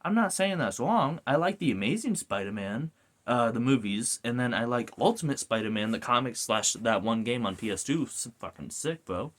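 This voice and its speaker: A man's voice: medium pitch, normal speed. A man giving a casual ranting video review, swearing often and going off on tangents. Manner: animated, swears a lot, goes off on rants.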